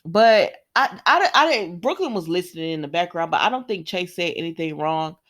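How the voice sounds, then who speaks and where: A woman's voice: lowish voice, lively intonation, normal speed, fairly bright tone. A woman, casually recapping a soap opera episode, chatty, laughing often and slipping into voices for the characters.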